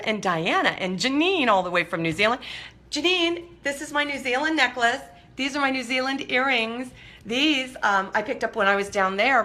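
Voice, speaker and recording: Bright, upbeat woman on a live stream. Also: medium pitch. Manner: animated and encouraging, breaks into playful humming. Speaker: weight-loss coach answering viewer questions.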